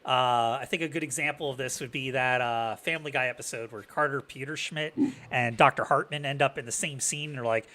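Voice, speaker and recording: A man's voice: mid-range voice, fairly quick, sharp tone. A man hosting a podcast interview, asking casual, rambling questions. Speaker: podcast host.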